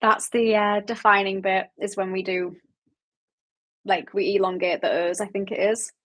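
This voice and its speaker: A woman's voice: mid-range voice, fairly bright tone. A woman in her late twenties with a Yorkshire accent, hosting a book club livestream and chatting in a rambling way as she answers viewers. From Yorkshire, England. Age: late 20s. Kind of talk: casual livestream chat reading viewer comments.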